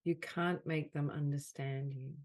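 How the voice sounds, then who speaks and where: Low, mellow-voiced woman guiding a healing call. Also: fairly even intonation. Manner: slow, repetitive soothing phrases. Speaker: soul mentor leading a group call. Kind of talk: guided healing session. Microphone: video call.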